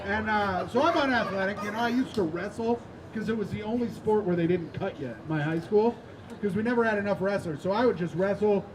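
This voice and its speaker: A man with a high voice does stand-up on an outdoor rooftop, spinning rambling, self-mocking stories and bantering with the crowd. He swears freely. Steady outdoor noise sits clearly under his voice. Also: a little fast. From Indiana. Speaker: stand-up comedian. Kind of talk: stand-up set.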